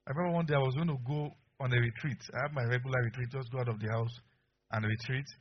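A man preaching a sermon as pastor, telling stories with animated delivery and frequent laughter, on a dull lo-fi recording. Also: medium pitch, racing, slight background noise. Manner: animated storyteller, acts out voices, laughs often.

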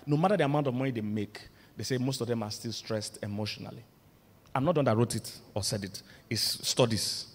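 A male pastor, preaching a lively, humorous sermon that builds to loud emphatic points. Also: mid-range voice, fairly quick. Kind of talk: sermon on marriage. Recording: long reverb of a large hall.

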